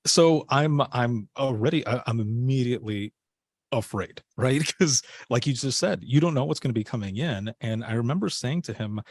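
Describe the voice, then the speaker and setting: A man's voice: mid-range voice, normal speed, darkish tone, dry recording. A man telling a personal story in a casual interview, acting out the dialogue he quotes. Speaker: podcast guest, former dispatcher.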